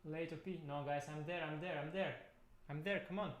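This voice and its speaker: His voice is fairly high and steady, a little fast, as he casually chats with viewers during setup for a chess stream, speaking to them playfully while clicking at his computer. He's tired and soft-spoken at first, captured through a desktop USB mic.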